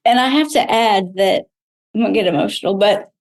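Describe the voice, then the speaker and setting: A woman's voice: medium pitch, a little fast. A middle-aged woman, a medical spa owner, talking candidly as an interview guest and retelling her own experiences with frequent restarts. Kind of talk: conversational interview.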